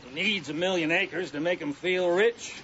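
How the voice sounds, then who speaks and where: An actor with an Oklahoma accent playing a folksy, thoughtful former preacher with a drawling, musing way of talking, on an old film soundtrack. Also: male voice, high-pitched, normal speed, fairly bright tone. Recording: dull, faintly hissy old film soundtrack.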